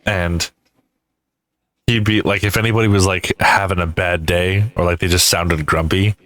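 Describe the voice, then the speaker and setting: A man's voice: sits low, fairly even intonation, moderate pace, fairly bright tone, no room sound. A man co-hosting a casual podcast, telling crude stories with laughter and sudden mock singing. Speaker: podcast co-host.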